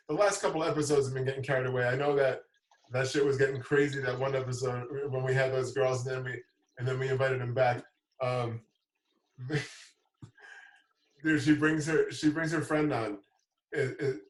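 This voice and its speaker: A man's voice: mid-range voice, moderate pace, recorded from a distance. A man hosting a casual livestream, telling a story and laughing through it. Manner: laughs through his stories, animated retelling. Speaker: show host. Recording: roomy, from away from the mic.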